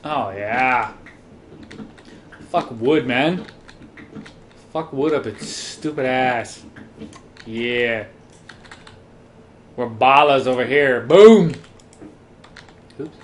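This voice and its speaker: A tipsy gamer giving casual commentary while playing, excitable and profane, breaking into loud exclamations and silly sound effects. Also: medium pitch, drawn-out words, long pauses, a little hiss or hum. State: tipsy from drinking. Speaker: let's play gamer.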